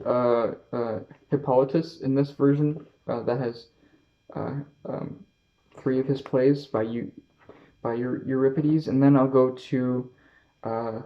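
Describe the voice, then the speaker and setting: Canadian male book vlogger, mid pitch, rambling and self-correcting, slightly dull audio. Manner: halting, many fillers and self-corrections. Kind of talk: casual book haul talk.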